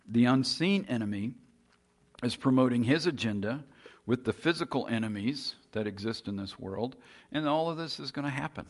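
A man preaching a sermon in an earnest, emphatic way, moving between quiet passages and loud, raised points. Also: mid-range voice.

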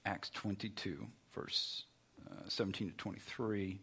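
Husky-voiced man preaching conversationally. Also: fairly low pitch, measured pace, a bit bright. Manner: conversational, with frequent restarts and asides. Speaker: pastor. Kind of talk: sermon.

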